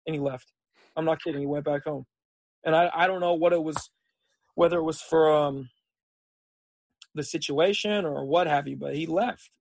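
A young man talking on a podcast in a relaxed, rambling way, dropping "dude" and "like" as he tells his stories. His voice sits somewhat high for a man. The recording is dry and close. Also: dry recording. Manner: laid-back, rambling storyteller saying "dude" and "like". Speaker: podcast guest, junior college football player. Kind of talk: casual chat.

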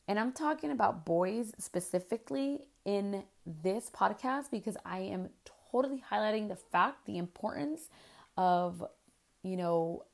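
A woman's voice: medium pitch, gravelly. A woman in her thirties hosting a podcast, talking frankly in a rambling, conversational way with plenty of fillers. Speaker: podcast host. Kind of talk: casual podcast monologue.

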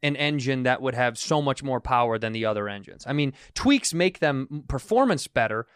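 A man's voice: mid-range voice, expressive, normal speed, fairly bright tone, smooth, no room sound. Brief: a joking man chatting casually, explains at length, dry recording. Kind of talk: casual chat.

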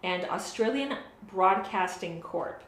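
A woman's voice: mid-range voice, lively intonation, slow pace. A woman co-hosting a podcast, telling a true story in casual chat, swearing and laughing at herself. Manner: swears casually, laughs often, self-deprecating. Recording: roomy with faint noise.

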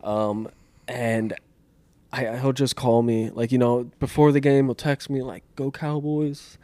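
A man's voice: mid-range voice, fairly even intonation, measured pace, dark tone, no room sound. A man co-hosting a podcast, chatting casually in a rambling way with lots of fillers and swearing. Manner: laid-back, rambling with many fillers and profanity. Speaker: podcast co-host. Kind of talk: casual chat.

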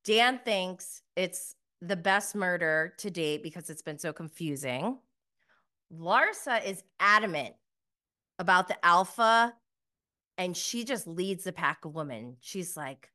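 A woman chatting through a casual show recap, giggly and gushing one moment and exasperated the next. Her voice is bright and sharp, and she takes her time with the words. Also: fairly low pitch, lively intonation, measured pace, clear, resonant tone. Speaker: TV show reviewer.

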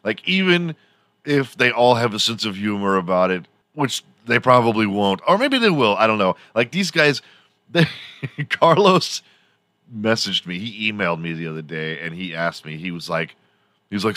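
A man's voice: sits low, expressive, moderate pace, sharp tone, no echo. A man hosting a podcast, telling a rambling story in a casual, profane way and laughing often as he goes. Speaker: podcast host.

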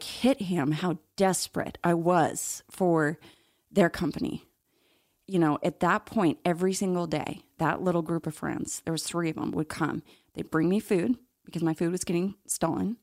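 A woman's voice: lowish voice, a little mellow, no room sound, studio quality. A middle-aged woman, an interview guest, telling her personal story in a candid, reflective way with occasional laughs.

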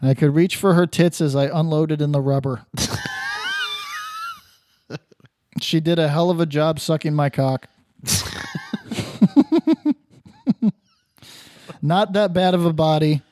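Podcast dude reading gross reviews, laughs a lot, kinda high mellow voice. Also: male voice, steady tone, brisk, hardly any pauses. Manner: laughing, loud bursts, crude and joking. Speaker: podcast co-host. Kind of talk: casual crude chat, reading reviews aloud.

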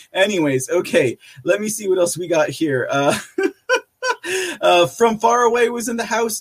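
Chatty high-voiced male podcast host. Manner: chatty, rambling, laughs often, many fillers. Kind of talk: casual live-stream chat recap.

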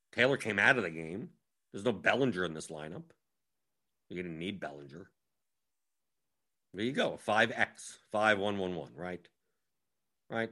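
Bright-voiced man breaking down lineups. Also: mid-range voice. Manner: brisk and matter-of-fact, talking while scrolling through lineups. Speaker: daily fantasy baseball analyst. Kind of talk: casual analytical breakdown.

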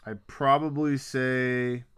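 Man, bright forceful tone, excitable, casual sports banter, swears a lot, middle pitch. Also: slow pace, smooth. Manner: excitable, swears casually, lists teams in bursts.

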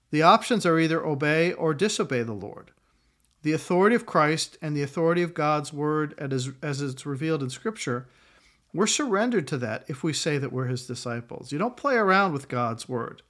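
Conversational preacher, fairly high-pitched man. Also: a bit bright. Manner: conversational preaching with acted-out quotes. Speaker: pastor. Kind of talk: sermon.

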